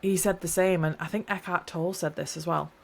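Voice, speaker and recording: Woman podcast host, lowish voice, rambly and encouraging, kinda restarts her sentences a lot. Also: steady tone, a little fast, gravelly. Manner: rambling, encouraging, self-correcting. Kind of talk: reflective solo podcast talk.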